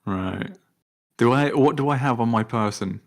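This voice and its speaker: A man's voice: medium pitch, moderate pace, vocal fry. Man, tabletop player, casual, hesitant, chuckling.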